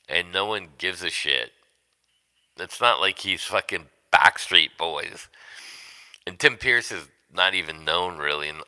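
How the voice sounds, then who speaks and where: A man's voice: low-pitched, sharp tone. A middle-aged man hosting a casual livestream from home, telling rambling, profane stories and laughing often. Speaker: livestream host.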